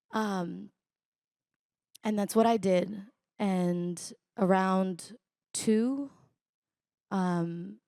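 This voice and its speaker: A young woman, a guest recounting her personal story in an interview, reflective and halting, with many fillers. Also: fairly low pitch, a little mellow, no echo, clean studio sound. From Israel. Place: conference stage.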